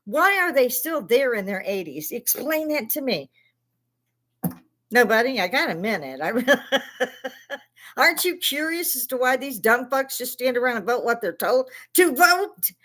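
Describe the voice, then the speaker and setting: A woman's voice: on the high side, very animated, moderate pace, sharp tone. A middle-aged woman from Chicago, an Army veteran hosting her own channel, talking casually in a blunt, profane rant and laughing often between complaints. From Chicago, USA. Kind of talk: casual ranting livestream chat.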